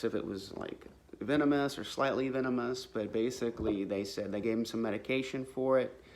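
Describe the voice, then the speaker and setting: A man casually telling a personal faith story in a rambling, earnest way, full of fillers and restarts. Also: mid-range voice. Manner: faith-filled, religious language. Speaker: vlogger sharing a testimony.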